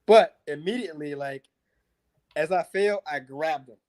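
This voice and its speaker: A man's voice: a little high, measured pace. A man with a slightly raised voice, a mixed martial arts fighter recounting his bouts. He talks casually and animatedly, swears freely, and scatters "like" through his sentences. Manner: animated, profane, lots of filler likes. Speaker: MMA fighter guest. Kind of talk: casual interview storytelling.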